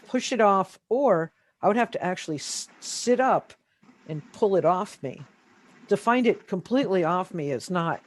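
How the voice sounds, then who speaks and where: A woman interview guest on a video call, telling her own story in casual speech, hesitant and halting, repeating words as she searches for them. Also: lowish voice, poor audio. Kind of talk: casual first-person storytelling.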